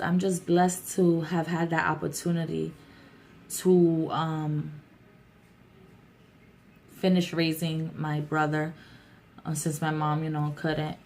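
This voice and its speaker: A woman's voice: deep voice, creaky, darkish tone, a little hiss or hum. Candid woman chatting in a vlog. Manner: candid, heartfelt, chatty with fillers. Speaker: YouTuber. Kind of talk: casual vlog talk.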